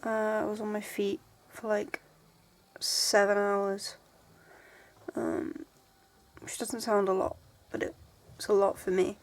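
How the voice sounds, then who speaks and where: A woman's voice: medium pitch, little pitch movement, slow, long pauses. A woman in her twenties, rambling and emotional in a casual vlog, tired and sore. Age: 20s. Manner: rambling, emotional, full of "like"s and restarts. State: tired and in pain. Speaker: book vlogger.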